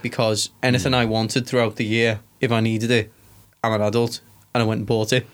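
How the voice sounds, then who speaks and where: A man's voice: medium pitch, a little fast. A man chatting casually as a podcast co-host, making dry, teasing jokes. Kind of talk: casual chat.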